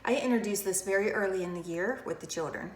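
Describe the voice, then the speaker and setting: A kindergarten teacher with a medium-pitched voice speaks fast while demonstrating a classroom routine to camera, as if for young children, shifting from a full voice to a whisper and offering emphatic questions and praise. The recording has a roomy echo, faint ambience, and a little hiss or hum.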